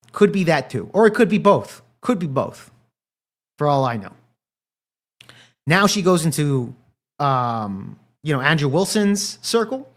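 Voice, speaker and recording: A man's voice: a little high, very animated, unhurried, pauses often. Profane rambling male streamer. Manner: talks straight to live chat. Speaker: livestream commentary host. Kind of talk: casual livestream commentary.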